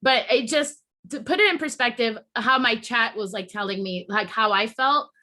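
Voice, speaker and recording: A woman podcast host rants in a casual, heated way, swearing freely and breaking off to restart her thoughts. Her voice sits a bit high and sounds bright and sharp. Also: moderate pace. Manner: heated, profane, emotional venting with restarts.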